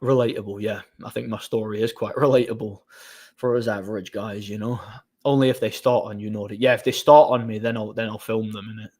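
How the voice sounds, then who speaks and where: A man's voice: lowish voice, steady tone, brisk, a little mellow. Rambling man telling stories on a live stream. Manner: rambling storytelling with frequent restarts. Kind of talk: casual live stream chat.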